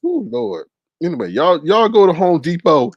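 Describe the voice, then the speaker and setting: A man hosting a casual live-stream commentary, animated and laughing, with exaggerated high-pitched repeats of words. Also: normal speed, no room sound, highs cut off. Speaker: commentary channel host.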